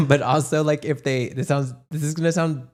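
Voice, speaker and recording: A man's voice: a little high, fairly even intonation, moderate pace. A man co-hosting a podcast, chatting casually and expressively, often stammering and restarting. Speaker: podcast co-host. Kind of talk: casual chat.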